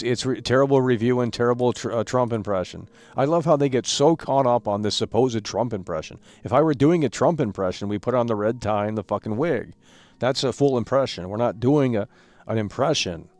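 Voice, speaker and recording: A man's voice: fairly low pitch, a little mellow, no room sound. A man live-streaming about a video game, ranting and swearing as he reads out comments, often stammering and repeating words.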